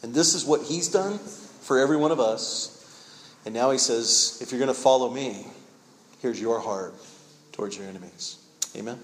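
A man at mid pitch preaches to his church, tossing out rhetorical questions and voicing the people in his stories. His words bounce around a roomy sanctuary, and long reverb trails after each phrase. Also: normal speed, long pauses. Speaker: pastor. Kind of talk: sermon and closing prayer. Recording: echoey hall with long reverb, faint ambience.

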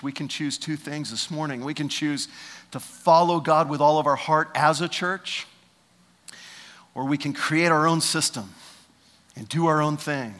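A man in his fifties preaching a sermon as pastor, swinging between loud preaching and hushed asides. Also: fairly high pitch, big-room sound. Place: church.

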